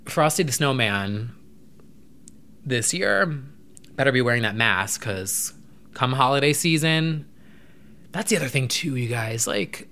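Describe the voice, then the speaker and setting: A young adult man vlogging to camera, rambling in an animated, casual way with occasional swearing. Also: mid-range voice.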